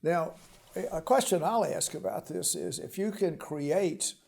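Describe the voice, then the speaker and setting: Halting older male host, gravelly and warm. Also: a little high. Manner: halting, many "uh" fillers and restarts. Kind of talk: casual interview chat.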